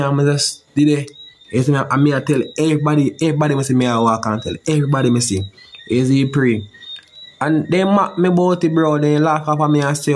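Young Jamaican man, halting and repetitive delivery, slight background hiss. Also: a little high, fairly even intonation. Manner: repeats "you see me" constantly, halting and rambling. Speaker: interviewee telling his story. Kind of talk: emotional personal account.

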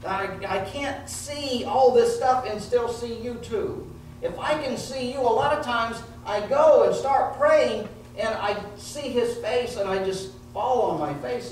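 A man's voice: very high-pitched, measured pace, a little mellow. A male pastor preaching an earnest, emotional sermon full of repeated phrases. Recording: echoey room heard from a distance with faint noise.

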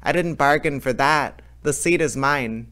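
A man's voice: medium pitch, a little slow, a bit bright, natural voice. A man reading a storybook aloud, voicing a bold, cheerful young man who cannot learn to shudder. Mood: cocky. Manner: cheerful, unbothered, cocky.

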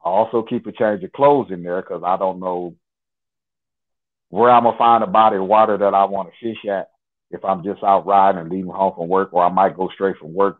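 Man from Nebraska, interview guest, fairly low voice, phone-line sound, easygoing detailed storytelling. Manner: unhurried, detailed, conversational. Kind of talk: storytelling a personal account.

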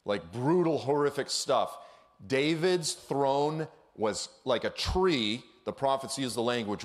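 A man giving an energetic, conversational sermon as a guest speaker in a church, with casual slang and frequent asides. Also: mid-range voice, unhurried.

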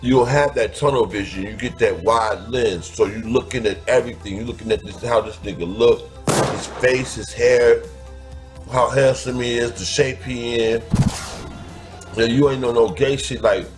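A man's voice: medium pitch, steady tone, moderate pace, music in the background. A man telling a crude personal story, blunt and profane, stretching out words for emphasis.

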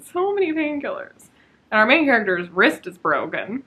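A woman's voice: a little high, big pitch swings, moderate pace, bright, forceful tone. A woman talking casually to her camera at home about a book she is reading, sarcastic, swearing freely and laughing often. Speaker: book vlogger. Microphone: camera mic.

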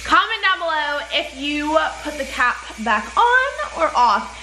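A young woman vlogging casually with her boyfriend, chatty and quick to giggle. Her voice is bright and forceful, with a slightly high pitch. It rings in a roomy, echoey space over faint background hum. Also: big pitch swings. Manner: giggly, chatty, addresses viewers as guys. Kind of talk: casual couple vlog.

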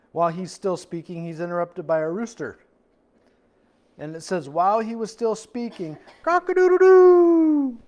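Speaking in a fairly high, slightly mellow voice, the man delivers a verse-by-verse expository sermon at church. His style is conversational, and he voices the quoted figures with little impressions.

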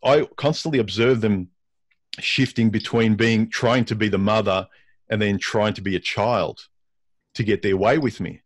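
A man's voice: lowish voice, steady tone, no echo. A man as a guest in a casual discussion, often repeating words as he works out his thoughts. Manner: halting, repeats words while thinking.

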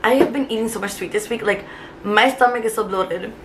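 Young woman vlogger, higher voice, rambling emotional chat with lots of fillers, light noise behind. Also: fairly quick. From Cuba. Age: 20s. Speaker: vlogger, teacher. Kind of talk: casual chat to camera. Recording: faint background noise.

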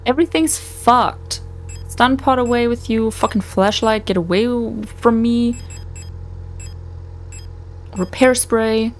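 A woman's voice: fairly high pitch, slow, pauses often. A young woman commenting on her own play of a horror game, swearing often and mocking her own mistakes. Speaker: let's play streamer. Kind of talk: gaming commentary. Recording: faint game music behind.

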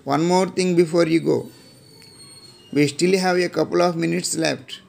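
A middle-aged man with an Indian English accent, reading out classroom phrases one by one, slowly and deliberately, often repeating them. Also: on the high side, fairly even intonation, vocal fry, a little mellow. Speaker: English teacher.

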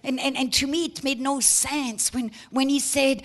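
High-voiced woman preaching emphatically. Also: steady tone, normal speed. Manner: emphatic preaching with stammered repetitions and shouted peaks. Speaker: pastor. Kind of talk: sermon.

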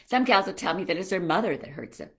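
An older woman coaching other women in a devotional talk, gentle and motherly, often slowing into a soft, calm voice. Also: on the low side, husky. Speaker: Christian life coach for women. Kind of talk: devotional teaching on a live stream.

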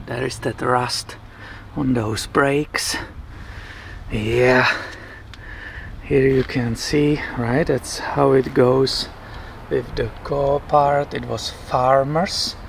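A fairly high-voiced man talks unhurriedly through a casual car repair vlog. He sounds chatty and excited, and keeps checking in with his viewers. The sound is very echoey and picked up from a distance, with faint noise behind him. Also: gravelly. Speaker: car repair channel host.

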